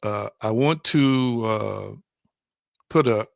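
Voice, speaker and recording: A man's voice: lowish voice, slow pace, creaky, dry recording, clean studio sound. A man giving a live-streamed spiritual teaching, repeating his phrases, putting questions to viewers and reading their comments aloud.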